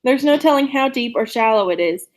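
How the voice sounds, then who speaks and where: A woman reading a young adult novel aloud in steady, unhurried narration. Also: on the high side. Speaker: reader of a novel.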